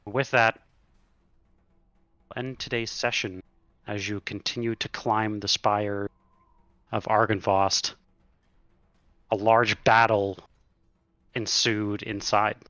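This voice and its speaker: A man runs a tabletop horror game as game master, narrating slowly with dramatic pauses. His voice is bright and clear, close and dry, on a slightly muffled lo-fi recording. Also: fairly low pitch, flat delivery, no echo.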